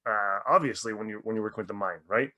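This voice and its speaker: Animated, swearing man, mindset coach. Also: fairly low pitch, fast. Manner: animated storyteller, swears freely. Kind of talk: podcast interview.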